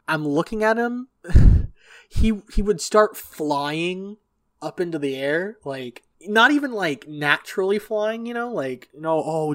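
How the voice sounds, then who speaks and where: A man's voice: on the high side, fairly bright tone, no echo. A young man telling a long story in casual podcast chat, rambling and swearing, often laughing. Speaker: podcast co-host.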